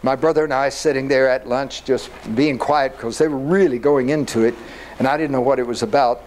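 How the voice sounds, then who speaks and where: An older man giving an animated storytelling talk to an audience. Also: medium pitch, a little fast, slight background noise, rough recording. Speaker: speaker.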